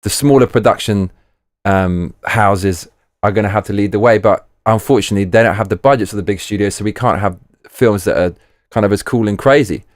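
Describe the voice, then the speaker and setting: A man's voice: lowish voice, fairly quick, dry recording. A man giving a casual spoken film review, blunt and profane, often repeating himself for emphasis. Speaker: movie reviewer. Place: living in Japan.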